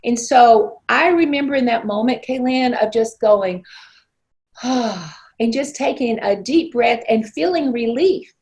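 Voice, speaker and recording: Woman, 60s, from Arkansas, interview guest; slightly high voice with heavy fry, earnest and reflective. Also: slow, a little mellow. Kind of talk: personal testimony in conversation.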